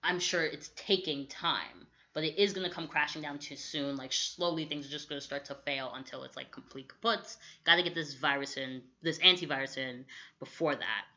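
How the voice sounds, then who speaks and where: A young woman co-hosting a podcast, recapping a movie in casual chat and acting out quick quotes, with lots of "like". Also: low-pitched. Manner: animated storytelling with quick acted-out quotes, lots of "like". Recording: dull lo-fi audio.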